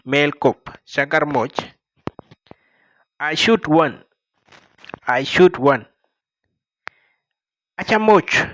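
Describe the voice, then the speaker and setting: Dinka-accented guy teaching vocab, slow and repetitive, dry close sound. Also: on the high side, fairly bright tone, dry recording. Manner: repeats each phrase slowly, explaining word by word. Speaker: language teacher. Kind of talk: language lesson.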